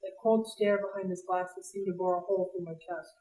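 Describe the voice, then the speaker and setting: A woman reading a novel aloud for a library read-along, in a lively, expressive way. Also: on the low side, fairly quick. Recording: roomy, distant mic.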